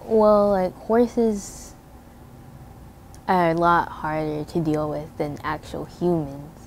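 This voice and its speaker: A teenage girl speaks very slowly and hesitantly, leaning on filler words, her voice a little low. Faint background noise sits behind her. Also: steady tone, a little mellow. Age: teens. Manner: slow, hesitant, many "like"s. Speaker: program participant.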